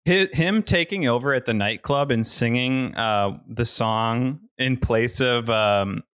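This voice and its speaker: Man, casual podcast chat, rambling, quick to laugh, dry close mic, mid pitch. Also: fairly bright tone, clear, resonant tone, dry recording. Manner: rambling, laughs often, restarts sentences. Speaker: podcast co-host. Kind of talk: casual movie discussion.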